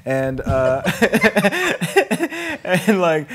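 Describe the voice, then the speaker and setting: A man at a middle pitch tells a film's story in relaxed podcast chat. He is animated and laughs easily between lines. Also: moderate pace. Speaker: podcast co-host. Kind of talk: casual chat, recapping a film.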